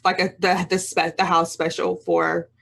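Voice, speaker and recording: A woman's voice: fairly low pitch, flat delivery, moderate pace, a bit bright, breathy edge. A woman playing a tabletop game, theatrical in character, calling others darling. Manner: theatrical, calls people darling. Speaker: player. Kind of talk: casual in-character play.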